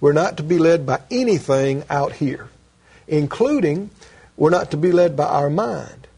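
Husky earnest male minister. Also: a little high, animated, a little slow, dark tone. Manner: earnest storyteller who repeats key phrases. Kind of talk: Christian teaching conversation.

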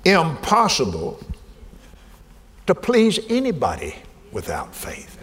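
An older man preaching a sermon in a folksy way, dropping to soft murmurs and rising to shouts. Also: fairly high pitch, expressive, a little slow. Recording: hall reverb, faint ambience.

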